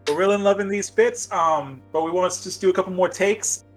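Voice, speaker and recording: A man at a tabletop game who jokes and teases the others playfully. His voice is notably high for a man. Faint music runs underneath. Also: brisk. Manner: joking, playful teasing. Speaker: player.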